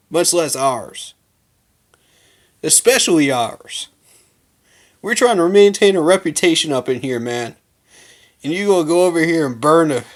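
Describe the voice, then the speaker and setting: A man hosting a fan channel, giving a heated, emphatic rant full of slang to his viewers. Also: on the high side. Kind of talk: casual fan rant to camera.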